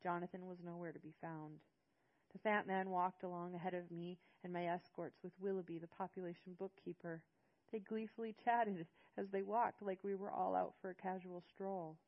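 Woman, audiobook narration, first person, hushed, sorrowful, low voice, dull lo-fi audio. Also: steady tone, normal speed.

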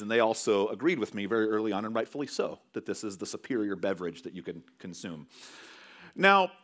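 A man's voice: medium pitch, fairly bright tone. A man from California preaching a sermon as pastor, telling stories in a loose, conversational way with many restarts.

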